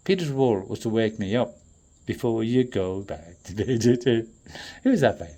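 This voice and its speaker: A man in a profane, rambling monologue that swings between loud outbursts and low muttering. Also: measured pace. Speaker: traveling performer.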